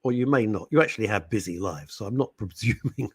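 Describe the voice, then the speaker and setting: A man's voice: lowish voice, quick pace, slightly rough, dry recording. A middle-aged man, hosting a radio show in casual, rambling chat. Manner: animated, rambling, puts on quoted voices. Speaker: radio host.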